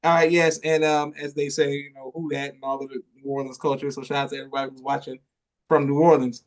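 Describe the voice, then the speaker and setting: A man hosting a podcast in casual interview chat, relaxed and loose with his phrasing. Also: mid-range voice, fast. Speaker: podcast host.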